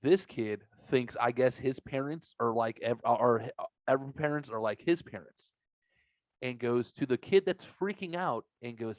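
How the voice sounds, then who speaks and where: A man's voice: mid-range voice, normal speed, dry recording. A man hosting a podcast, telling a long, profane story in a rambling, casual way. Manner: rambling, profane, animated retelling. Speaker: podcast host. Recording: dry, dull lo-fi sound.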